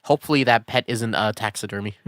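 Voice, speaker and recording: A man's voice: fairly low pitch, fast, a bit bright, no room sound, studio quality. A young man streaming a game, chatting casually and joking with frequent laughs. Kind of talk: casual gaming commentary.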